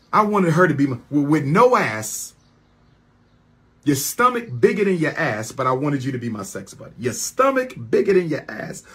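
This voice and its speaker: Fiery husky-voiced man ranting. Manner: repetitive, preacher-like cadence, swings from low mutters to high shouted questions. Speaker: host of his own channel. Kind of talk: heated monologue rant.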